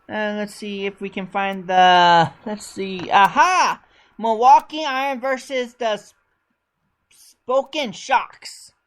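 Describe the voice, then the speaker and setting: A chatty woman hosts a casual talk show. Her voice sits at an ordinary middle pitch. She rambles along and keeps correcting herself. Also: fairly even intonation, takes it slowly. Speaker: podcast host. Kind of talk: casual chat.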